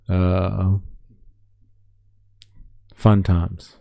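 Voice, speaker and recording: A man's voice: on the low side, moderate pace, gravelly, no echo, studio quality. A man with an Australian accent, chatting on a live stream and telling a rambling, profane anecdote. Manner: swearing, animated, rambling. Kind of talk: casual chat, telling an anecdote.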